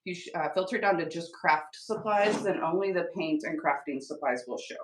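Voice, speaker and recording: A woman's voice: lowish voice, fairly quick, distant mic, background noise. A woman hosting a casual live-selling craft stream, chatting upbeat with viewers while she paints, a little tired. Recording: echoey room, voice off-mic.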